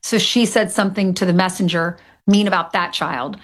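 A woman's voice: fairly low pitch, steady tone, moderate pace. A woman being interviewed about her children's book, speaking in an earnest, candid and talkative way. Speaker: guest author of a children's book. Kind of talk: conversational interview.

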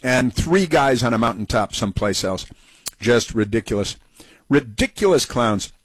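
A man's voice: medium pitch, animated, normal speed, no echo, low-quality recording. A middle-aged man hosting a talk radio show, delivering opinionated commentary with scornful, sarcastic asides.

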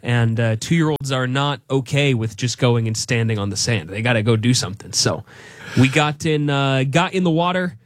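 A young man in a casual chat, talking in a relaxed, easygoing way with fillers. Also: mid-range voice, normal speed, no room sound, studio quality.

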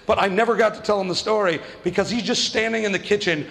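A man doing stand-up storytelling, animated, acting out the voices of people in his story. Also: sits high, fast talker, gravelly. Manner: animated, acts out quoted voices. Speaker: stand-up comedian.

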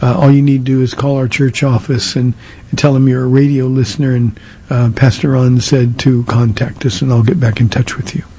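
Older man, pastor, radio Q&A, husky, dark tone, halting fillers. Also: mid-range voice, little pitch movement. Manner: plainspoken, frequent "uh" and repeated words. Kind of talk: radio Q&A sermon.

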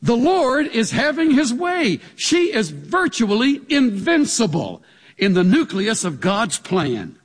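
Animated high-voiced male preacher. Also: slow pace, breathy edge. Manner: animated preaching with rhetorical questions. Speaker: pastor. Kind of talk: sermon. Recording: long hall reverb.

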